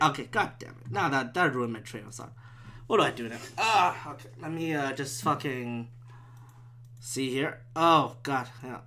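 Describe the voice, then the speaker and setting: A man's voice: fairly high pitch, animated, moderate pace, bright, forceful tone. A man, a former stand-up comic, ranting alone on his podcast at home in a profane, rambling, exasperated way. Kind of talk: solo podcast rant. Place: room at home with the window open.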